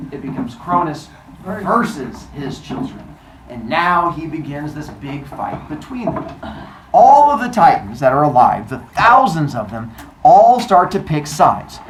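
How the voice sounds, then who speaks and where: A male teacher with a slightly high voice tells a class a myth, keeping it playful and jokey. The classroom recording is roomy, with a distant mic and slight background noise.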